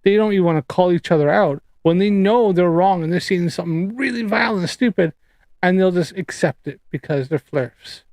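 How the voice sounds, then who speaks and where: A man's voice: sits high, a little fast, darkish tone, no echo. A man from the Canadian prairies hosting a livestream, ranting and chatting casually in a profane, exasperated, rambling way. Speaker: streamer debunking flat earth claims. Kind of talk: casual livestream rant and chat.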